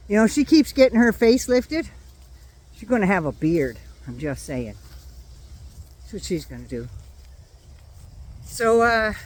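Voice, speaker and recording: An older woman with a runny nose from a cold, ranting bluntly and sarcastically about politics and swearing freely. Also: medium pitch. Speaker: vlogger. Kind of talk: casual political rant.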